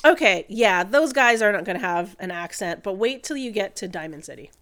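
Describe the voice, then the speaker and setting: A woman's voice: medium pitch, expressive, a little fast, fairly bright tone. A woman co-hosting a podcast, chatting casually about a video game in a chatty, opinionated way with lots of fillers. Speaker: podcast co-host. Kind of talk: casual chat.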